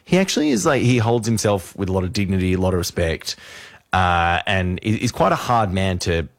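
In a radio studio, a low-voiced male radio host spins a story during casual banter, animated and repeating his punchlines. He talks briskly into a studio microphone, and the recording is dry with a clean studio sound.

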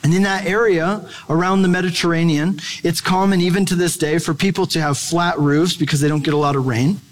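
Male pastor, high voice, chatty sermon delivery with jokey asides, long reverb. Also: steady tone, fairly quick. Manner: conversational, playful asides.

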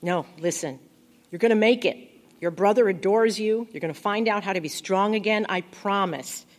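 A woman reading the lines of a gentle, weary young man in a soft, reassuring, hushed way. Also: mid-range voice, normal speed, long reverb tail, natural voice. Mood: tender.

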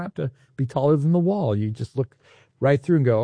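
A man preaching a sermon as a pastor, teaching in an animated, playful, excitable way. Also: medium pitch, fairly quick, dry recording.

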